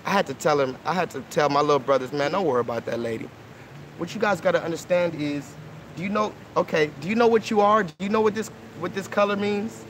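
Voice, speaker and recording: A man's voice: high-pitched, quick pace, a bit bright, a little hiss or hum. A man in his thirties with an earnest, coaxing way of talking, who keeps checking in with "okay?" and "right?" while hosting a live stream outdoors by a pool and speaking into a phone. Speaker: livestream host. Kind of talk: casual live-stream talk with kids.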